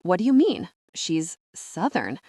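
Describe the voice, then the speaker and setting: A woman's voice: lowish voice, sing-song, moderate pace, dry recording, studio quality. A woman voicing a haughty, scheming female coworker who speaks with disdain in an audiobook. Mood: disdainful. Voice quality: disdainful, snooty.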